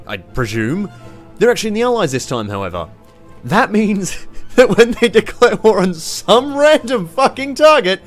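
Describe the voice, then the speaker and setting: A man with an Australian accent giving sarcastic, profane, animated commentary while playing a strategy game. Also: fairly high pitch. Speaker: gaming YouTuber.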